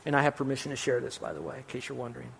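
A man preaching a sermon as pastor, emphatic and animated, his voice climbing when he quotes scripture and dropping into wry asides to the congregation. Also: mid-range voice, very fast, creaky, slight background noise. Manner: emphatic and animated, voice rising on quotations.

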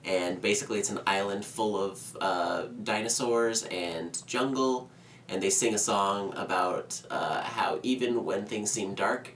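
A man's voice: fairly low pitch, measured pace, a bit bright. A man co-hosting a casual podcast, recapping a movie with swearing, laughter and mock character voices. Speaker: podcast co-host. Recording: roomy echo, distant mic, faint background noise.

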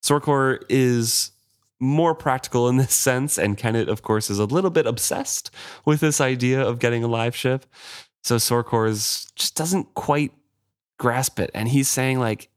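A man's voice: medium pitch, measured pace, smooth. A man co-hosting a casual book discussion, retelling scenes loosely with frequent fillers and reading passages aloud. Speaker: podcast co-host.

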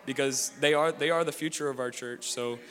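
A man's voice: a little high, fairly even intonation, brisk, background noise. A man preaching a sermon, reading scripture aloud and then commenting on it in casual, slangy talk with frequent restarts. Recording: long hall reverb.

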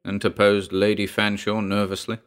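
A man narrating a short story as an audiobook, reading in a measured, even way. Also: lowish voice.

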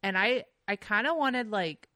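A woman's voice: mid-range voice, expressive, unhurried, sharp tone, dry recording, studio quality. A young adult woman, a podcast guest, telling casual stories full of fillers and swearing. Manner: chatty storyteller with frequent fillers and swearing. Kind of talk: casual chat.

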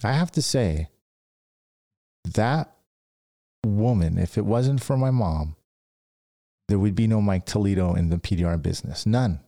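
A man's voice: fairly low pitch, expressive, unhurried, long pauses, mellow. A man hosting a podcast, giving rambling casual business advice and acting out stories. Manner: rambling, with restarts and acted-out stories. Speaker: podcast host, dent repair business owner.

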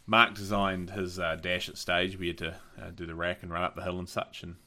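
A man's voice: deep voice, flat delivery, brisk, pushed and bright. A middle-aged man hosting a podcast, telling rambling anecdotes and laughing often. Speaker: podcast host. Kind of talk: casual chat.

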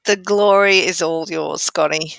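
A woman co-hosting a podcast, chatting in a relaxed, teasing way. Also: fairly low pitch, unhurried, vocal fry, noisy background. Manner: relaxed, teasing, laughs easily. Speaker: podcast co-host. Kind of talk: casual chat.

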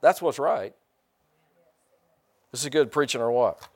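A middle-aged male pastor preaching a conversational sermon, often repeating words, asking the congregation rhetorical questions and breaking into loud bursts. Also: mid-range voice, lively intonation, unhurried.

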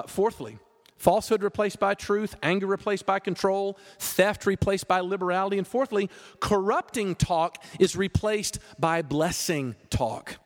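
Animated preacher in a hall. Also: male voice, sits high. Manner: animated, conversational preaching with jokes. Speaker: pastor. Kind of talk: sermon.

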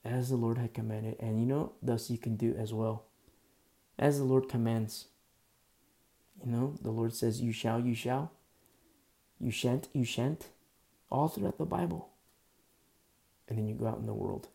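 Man, pastor, sermon, gravelly voice, mellow tone, conversational preaching. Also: mid-range voice, normal speed, long pauses. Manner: conversational, folksy preaching with asides and acted quotes.

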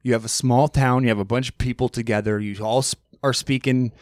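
A man co-hosting a podcast in casual chat, rambling through animated stories and throwing in mock accents. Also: medium pitch, a little fast, dry recording, studio quality. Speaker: podcast co-host. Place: podcast studio.

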